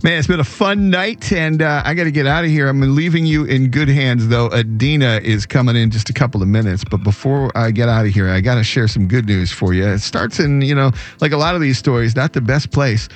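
A man's voice: medium pitch, a little fast, hardly any pauses. A man hosting a radio show, telling a good-news story in a conversational way with fillers. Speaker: radio host.

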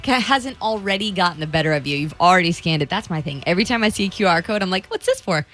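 A woman's voice: fairly low pitch, lively intonation, rapid-fire, fairly bright tone. A woman co-hosting a radio fundraiser, chatty and playful as she urges listeners to give. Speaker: radio host. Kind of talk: casual on-air fundraising chat.

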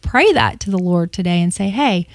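A woman's voice: lowish voice, expressive, a little fast, dry recording. A woman co-hosting a morning radio show in a studio, talking eagerly in casual chat with lots of restarts. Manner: eager, chatty, full of restarts and "you know".

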